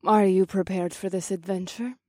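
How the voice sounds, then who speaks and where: A man's voice: sits high, steady tone, normal speed, a little mellow, dry recording, clean studio sound, voice pushed up, lightly acted. A man putting on a teasing young woman adventurer. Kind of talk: audiobook character voice.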